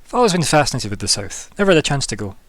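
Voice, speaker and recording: A man's voice: mid-range voice, sing-song, rapid-fire, no room sound, close to an everyday voice. A man playing an eager young desk clerk. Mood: eager, polite. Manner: overly professional, politely formal. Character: eager young male receptionist, polished and prim.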